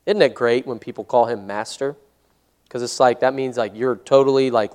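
A man leading a casual Bible study as a pastor, conversational and given to chuckles and "Amen?" checks, slowing into a measured tone when reading scripture aloud. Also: mid-range voice, darkish tone, big-room sound. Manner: conversational, chuckles often, asks "Amen?" and "right?".

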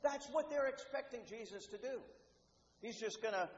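A man preaching a sermon, animated, acting out the voices he quotes, with repeats and restarts. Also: very high voice, normal speed. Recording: roomy, dull, faintly noisy hall.

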